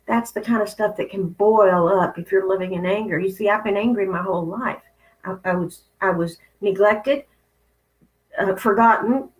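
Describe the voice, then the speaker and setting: In a low-quality recording, a spiritual channel host in her fifties speaks bluntly and conversationally, dropping some profanity into her candid spiritual talk. Her pitch is medium.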